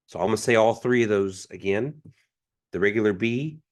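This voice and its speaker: A man's voice: sits low, animated, normal speed, darkish tone. A man teaching a language class, patiently repeating each sound three times in a pronunciation drill.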